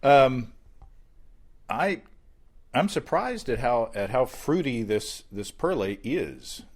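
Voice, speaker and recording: A man co-hosting a casual tasting chat, animated and quick to laugh. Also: mid-range voice. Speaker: podcast co-host.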